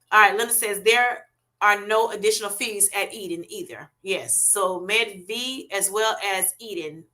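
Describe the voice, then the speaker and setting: Bright-voiced woman chatting on a livestream. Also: medium pitch. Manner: chatty, many fillers, reads out viewer comments. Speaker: livestream host reading chat. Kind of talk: casual livestream chat.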